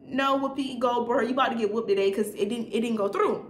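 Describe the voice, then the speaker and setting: A young woman telling a lively story to her viewers in a casual chat, calling them y'all. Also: on the high side, rapid-fire, slight background noise. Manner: animated, chatty, addresses viewers as y'all. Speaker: vlogger telling a story time. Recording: echoey room.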